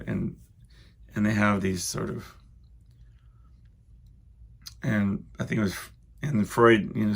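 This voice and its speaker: A young male podcast host drifts through his stories alone, leaning heavily on fillers and tangents. His voice sits lowish, creaky and a bit breathy.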